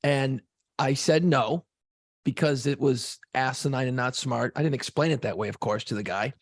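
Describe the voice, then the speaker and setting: This man co-hosting a podcast has a mid-range voice and a normal pace, and he tells stories with animation while swearing freely in casual conversation. The recording is clean studio sound with no echo.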